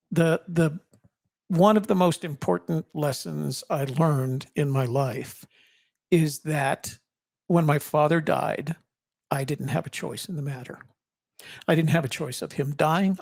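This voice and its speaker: A man in his seventies shares his memories in a reflective, halting way, often restarting phrases. His voice is a little high with a gravelly edge. The recording is dry and close. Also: no room sound. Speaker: guest, army veteran and co-author. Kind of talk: reflective personal storytelling.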